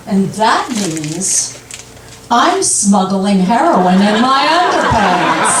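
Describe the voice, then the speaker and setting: An older woman doing a stand-up comedy set, delivering punchlines in an unhurried deadpan way. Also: mid-range voice, a faint crowd, a little hiss or hum. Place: comedy club stage. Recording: echoey club from a distant mic.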